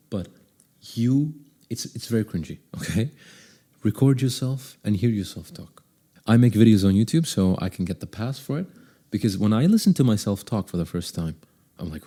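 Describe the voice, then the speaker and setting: A young man talks through a speaking lesson in a relaxed, conversational way, often pausing to check that the viewer follows. His voice sits low and has a mellow, dark tone. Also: slightly rough. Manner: demonstrative, shifts pitch and pace to show examples; conversational with frequent check-ins. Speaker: voice coach. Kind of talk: casual video lesson.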